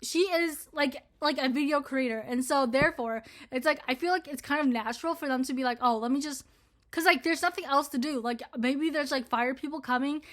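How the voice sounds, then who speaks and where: A woman's voice: high-pitched, brisk, a bit bright. A woman in her twenties ranting casually to her viewers, swearing a lot and rambling with constant filler words. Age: 20s. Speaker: vlogger. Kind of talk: casual ranting commentary to camera.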